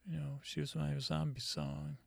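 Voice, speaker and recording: A man telling a meandering personal anecdote, halting and restarting his sentences as he goes. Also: fairly high pitch, level tone, vocal fry, no echo, clean studio sound. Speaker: storyteller.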